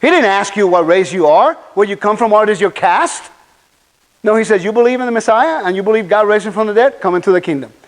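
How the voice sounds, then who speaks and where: A man's voice: sits high, fast, rough recording. A man giving a conference sermon, preaching animatedly and putting rhetorical questions to the audience. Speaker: conference speaker. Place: conference hall.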